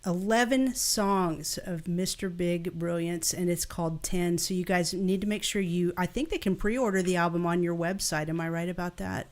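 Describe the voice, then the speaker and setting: A woman's voice: on the low side, fairly even intonation, moderate pace, few pauses. Upbeat woman hosting a music stream. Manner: upbeat, gushing, promotional. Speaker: host. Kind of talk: live stream interview and outro.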